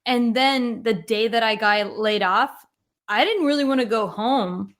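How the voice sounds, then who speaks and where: A woman's voice: on the high side, unhurried. A woman who is a guest on a casual podcast interview, upbeat and candid, laughing often as she talks.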